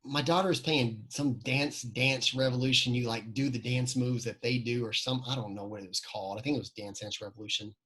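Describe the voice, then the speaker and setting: A man's voice: mid-range voice, brisk, few pauses, fairly bright tone, husky, rough recording. A man giving a motivational training talk, telling personal stories, asking the audience questions and repeating key phrases.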